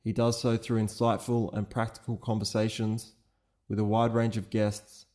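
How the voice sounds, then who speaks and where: An Australian man hosting a podcast, reading a scripted introduction in a measured, even way. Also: lowish voice, a little hiss or hum. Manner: measured, evenly read. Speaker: podcast host. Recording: music bed behind the voice. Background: guitar music.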